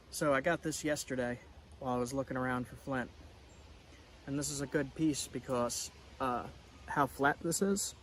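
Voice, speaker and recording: Man vlogging outdoors over background noise. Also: medium pitch. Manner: relaxed, explains as he works. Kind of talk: casual camping vlog. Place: outdoors in the wilderness.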